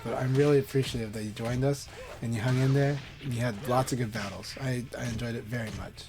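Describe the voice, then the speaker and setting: A man's voice: medium pitch, fairly even intonation, fast, music in the background. A man live-streaming a fighting game, chatting casually and encouragingly with viewers.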